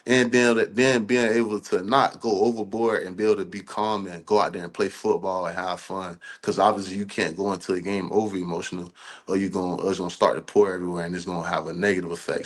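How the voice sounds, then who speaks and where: A man's voice: low voice, steady tone, quick pace. A young man, a college football player, answering interview questions in a loose, earnest, conversational way. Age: young adult.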